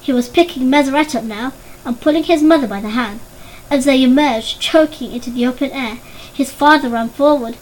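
Casting: female audiobook narrator, high-pitched voice, storytelling delivery, faint room ambience. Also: a little fast, a little hiss or hum, poor audio. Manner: voices characters with raised pitch.

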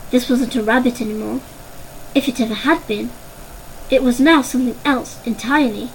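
A woman narrating a children's storybook in an expressive, dramatic way. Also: a little high, normal speed, a little hiss or hum, low-quality recording.

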